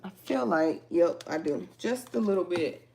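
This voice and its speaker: A woman hosting a casual live sewing tutorial, chatting to her viewers as she cuts vinyl pieces, with features and frequent excited exclamations. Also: lowish voice, normal speed, creaky.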